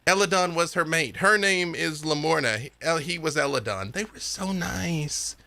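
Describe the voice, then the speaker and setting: A man's voice: fairly high pitch, normal speed, gravelly, pushed and bright. A man voicing a young elf girl who gushes wistfully. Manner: gushing, wistful.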